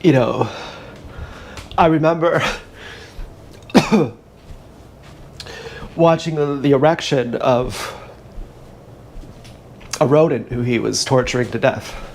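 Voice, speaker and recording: A man talks off the cuff in a loose, wandering monologue, restarting his sentences and cursing freely. His voice sits at an ordinary middle pitch and is picked up on an action camera mic with a faint hiss of ambience underneath. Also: gravelly, a little mellow. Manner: meandering, profane, halting storytelling. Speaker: livestreamer. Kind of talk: rambling casual monologue.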